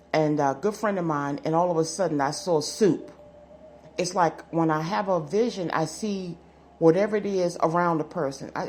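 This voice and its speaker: Lowish-voiced woman giving a chatty tarot reading. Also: a little mellow. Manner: chatty, self-assured, repeats phrases. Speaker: tarot card reader. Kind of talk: casual general tarot reading to camera.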